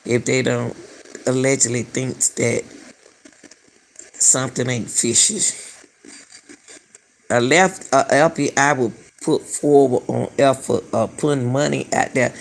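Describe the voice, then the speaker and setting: Slow, gravelly middle-aged woman commentator. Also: extremely low pitch, a little hiss or hum. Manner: emphatic, repeats phrases, fires rhetorical questions. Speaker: commentary channel host. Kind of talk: casual commentary on a missing-person case.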